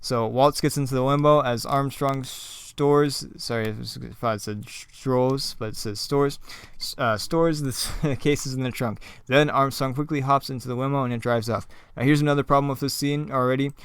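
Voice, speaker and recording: A man reads his own play script and comments on it as he goes. He rambles, with plenty of fillers and side remarks. His voice is smooth and the recording close and dry. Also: mid-range voice, fairly even intonation, normal speed, dry recording. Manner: rambling, with many fillers and asides. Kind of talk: casual script reading with commentary.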